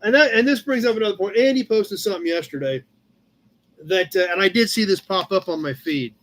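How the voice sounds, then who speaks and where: Man, Midwestern accent, high voice, relaxed rambling live-stream host, fillers, greets viewers by name. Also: fairly quick. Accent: Midwestern American. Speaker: host of a live car-hobby chat show. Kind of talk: casual live-stream chat, reading viewer posts. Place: home room with a cat nearby.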